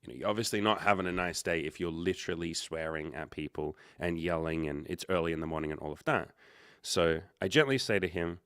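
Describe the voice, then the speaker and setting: Deep-voiced and a little fast, a livestream host and coach rambles through a casual story, correcting himself and quoting what people said. His tone is clean and a bit bright, and the recording is dry with clean studio sound.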